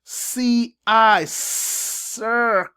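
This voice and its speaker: A man's voice: very high-pitched, fairly even intonation, very slow, pushed and bright, smooth. A middle-aged man coaching parents on reading, who sounds out syllables and spelling rules with emphasis. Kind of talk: instructional video for parents. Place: classroom or school office.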